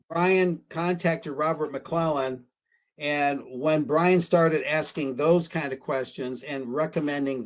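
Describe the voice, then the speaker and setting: A man with a fairly high-pitched voice appears as a guest researcher on a live-streamed radio interview. He rambles and hesitates, often correcting himself and using fillers.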